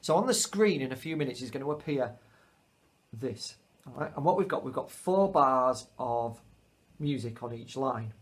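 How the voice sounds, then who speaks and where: A man's voice: medium pitch, animated, normal speed. A man teaching a remote music lesson to children, patiently spelling out rhythms.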